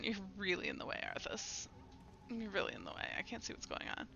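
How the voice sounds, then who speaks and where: A woman's voice: mid-range voice, fairly even intonation, normal speed, creaky, sharp tone. A woman streaming a game, chatting playfully with her viewers and her pet in a casual commentary style. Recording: dull lo-fi stream audio.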